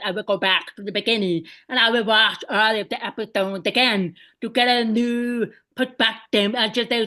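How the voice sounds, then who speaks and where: A woman's voice: mid-range voice, pushed and bright. A woman hosting a podcast, asking her guest questions in an enthusiastic, chatty way. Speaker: podcast host. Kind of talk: casual interview chat.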